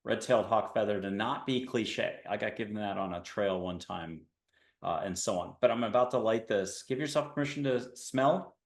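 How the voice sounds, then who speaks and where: A man's voice: lowish voice, moderate pace, roomy sound. A man hosting an interview show in a casual, rambling way, cracking dad jokes. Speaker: podcast host. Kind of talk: casual video-call interview.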